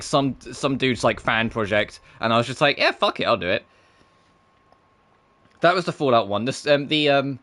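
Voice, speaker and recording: A man's voice: mid-range voice, fairly bright tone. Rambling, swearing young man with a faint British accent. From Britain. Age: 20s. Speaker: streamer. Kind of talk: casual chat.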